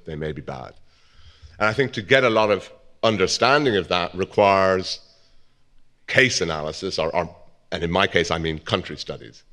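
A man with a British accent giving a measured, thoughtful academic conference talk, with fillers and restarts. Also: low voice, fairly bright tone. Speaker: conference speaker.

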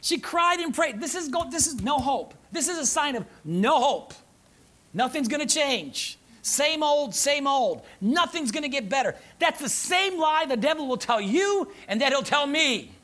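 In a church sanctuary, a male pastor preaches a sermon, reading scripture aloud and repeating phrases. He swings from loud, urgent emphasis to low, soft asides, speaking expressively at normal speed.

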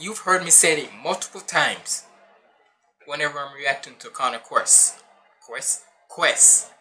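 A man's voice: on the high side, pushed and bright. A man hosting a music reaction channel, talking casually in a rambling, loose way full of slang and restarts.

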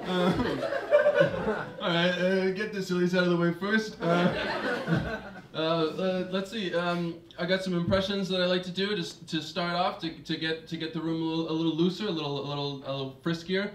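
A young man doing a stand-up set, halting with lots of fillers and restarts. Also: sits high, steady tone. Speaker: stand-up comedian. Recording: roomy, distant mic, hissy noise.

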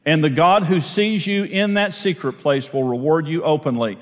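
A man's voice: on the high side, normal speed, big-room sound. A man preaching a sermon, earnest and emphatic, repeating phrases to drive points home. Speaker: pastor. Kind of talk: sermon teaching.

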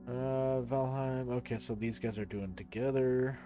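A man hosting his own live stream, talking in an animated, chatty way with casual swearing. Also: medium pitch, a little slow, over music.

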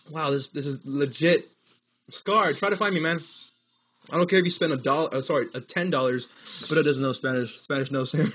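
Husky young man streaming a game. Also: fairly high pitch, fairly bright tone, lo-fi sound. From United States. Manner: rambling, laughs often, reads chat aloud. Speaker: livestreamer. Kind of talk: casual live gaming stream chat.

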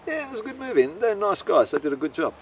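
Aussie bloke rambling and cursing, voice going way up and down, mic kinda far off with faint traffic. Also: male voice, high voice, sing-song, racing. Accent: Australian. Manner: meandering, profane, incredulous storytelling. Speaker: host. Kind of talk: rambling comic monologue.

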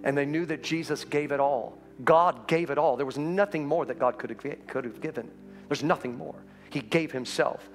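A man pastor preaching an Easter sermon in a church, his voice rising high and urgent as he presses his point. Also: normal speed, soft background music. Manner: impassioned preaching that climbs in pitch and urgency. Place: church sanctuary.

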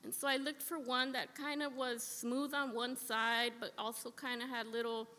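A woman's voice: a little high, level tone, normal speed, pushed and bright. A woman sharing a heartfelt personal testimony at a church service, earnest and repeating phrases for emphasis. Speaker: church member giving testimony. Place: church sanctuary. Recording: echoey church hall with long reverb.

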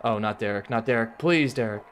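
A young man streaming a baseball video game, excitable, swearing and shouting at his players. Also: mid-range voice, brisk. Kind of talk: excited gameplay commentary.

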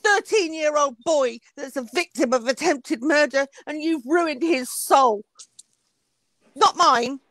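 Woman guest, accusing and sweary, high-pitched, dry close sound. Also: slow, fairly bright tone, no echo. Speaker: livestream guest. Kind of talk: emotional outburst on a stream.

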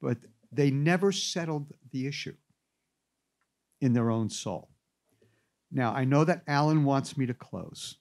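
A man's voice: medium pitch, unhurried, long pauses. A man giving an anecdotal classroom lecture, telling stories with wry asides. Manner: animated storyteller with wry asides.

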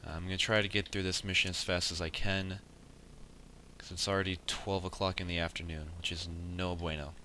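Deep-voiced, cursing young gamer guy. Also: little pitch movement, fairly quick, pushed and bright, a little hiss or hum. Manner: frustrated, swears often, mutters at the game. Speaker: let's play gamer. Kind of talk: casual gameplay commentary.

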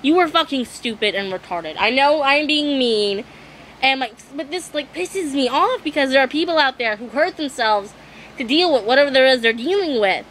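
High-voiced young woman ranting to camera. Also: lively intonation, normal speed, a bit bright, a little hiss or hum, poor audio. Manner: exasperated, swearing, apologetic. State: losing her voice. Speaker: vlogger. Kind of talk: ranting vlog monologue.

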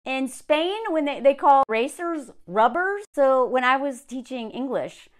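A woman with a high voice gives sarcastic reaction commentary, breaking into laughter between asides. Her pitch swings widely as she mocks what she reads. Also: animated, a little slow. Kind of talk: reaction commentary, reading aloud.

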